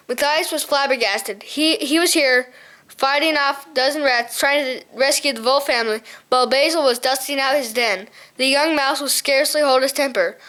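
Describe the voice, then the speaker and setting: A woman's voice: high voice, steady tone, normal speed, sharp tone. A woman reading a novel chapter aloud as a storybook narrator, often stumbling and correcting herself. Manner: reads with frequent stumbles and self-corrections. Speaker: audiobook reader.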